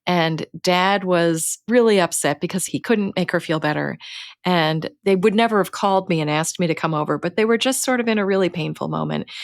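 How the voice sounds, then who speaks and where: A middle-aged woman, a guest author, telling personal stories in an earnest, unhurried way. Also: on the low side, creaky, no echo, studio quality. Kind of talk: reflective personal storytelling.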